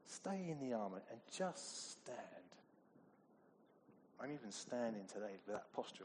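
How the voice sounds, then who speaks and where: A man's voice: medium pitch, big pitch swings, unhurried, long pauses, a little mellow, slight background noise. A middle-aged man preaching a sermon in a conversational way, asking his congregation questions. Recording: echoey hall with long reverb.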